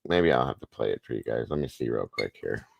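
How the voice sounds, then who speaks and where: A man with an extremely deep, low voice hosts a casual morning livestream. He chats and jokes, greeting viewers by name, in a dry, close-sounding room. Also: expressive, fast, creaky, husky, no echo. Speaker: livestream co-host.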